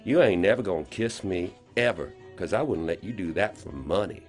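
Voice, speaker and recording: A man voicing a slow, confident country schoolgirl with a rural Southern accent, sly and teasing. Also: deep voice, animated, soft background music. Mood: taunting. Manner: drawling, teasing, quietly menacing.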